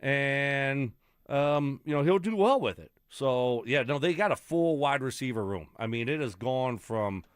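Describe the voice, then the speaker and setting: A man's voice: mid-range voice, lively intonation, a little slow, smooth, no room sound, studio quality. Easygoing sports radio man. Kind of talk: casual sports talk. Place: radio studio.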